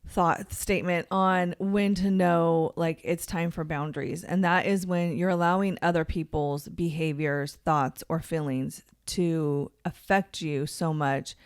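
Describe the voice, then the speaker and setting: A woman's voice: fairly low pitch, fairly even intonation, unhurried, hardly any pauses, clear, resonant tone, dry recording, studio quality. A woman from California co-hosting a faith and psychology podcast, chatting casually and laughing often. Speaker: podcast co-host, biblical counselor.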